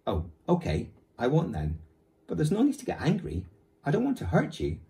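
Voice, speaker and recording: A man's voice: huge pitch swings, vocal fry, mellow, full character voice. A man doing an eager, pleading young boy. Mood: reassuring. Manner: fast and pleading, rising high.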